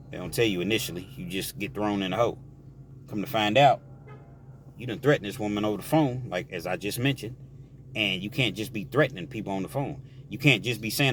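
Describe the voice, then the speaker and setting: A man's voice: lowish voice, quick pace, slight background noise. Man telling a prison story. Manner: animated, explaining, talks straight to the listener. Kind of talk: casual storytelling about prison life.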